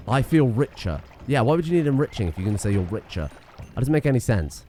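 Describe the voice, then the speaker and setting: A man's voice: medium pitch, big pitch swings, quick pace, a little mellow, slight background noise. A man giving casual let's-play commentary, rambling, self-mocking and swearing freely as he plays. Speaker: gaming streamer.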